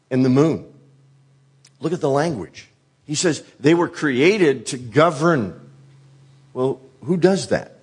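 A man preaching a sermon earnestly, asking rhetorical questions and dropping softly on quoted words. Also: medium pitch, husky.

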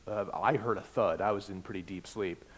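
A man, a pastor, preaching a sermon in a conversational storytelling manner, swinging between loud and soft. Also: on the low side, fairly quick. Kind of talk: sermon with personal anecdote.

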